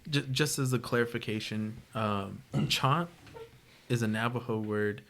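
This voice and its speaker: A man's voice: mid-range voice, a little slow, a bit bright. A man from New Mexico, co-hosting a podcast and carefully explaining a word's meaning, adding clarifications. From New Mexico, USA. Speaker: podcast co-host. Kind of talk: casual chat.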